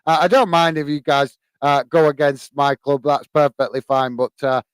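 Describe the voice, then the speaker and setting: A man's voice: on the high side, steady tone, normal speed, smooth, no echo. A man hosting a live football watch-along stream, chatting to viewers and giving loose play-by-play commentary with many fillers. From England. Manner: chatty, many fillers, bursts into shouts at goals. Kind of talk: live match commentary and chat.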